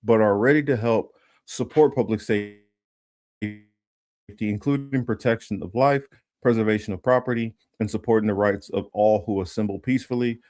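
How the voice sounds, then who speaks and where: A man's voice: on the low side, fairly even intonation, moderate pace, darkish tone, no room sound, clean studio sound. A man hosting a casual political livestream, talking with many fillers and restarts and reading news text aloud. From Los Angeles area. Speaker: political commentary host.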